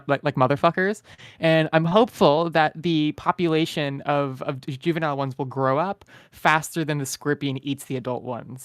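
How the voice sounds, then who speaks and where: A woman's voice: deep voice, no room sound, clean studio sound. A woman guesting on a livestream in casual chat, playful and often stumbling over her words. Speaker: stream guest.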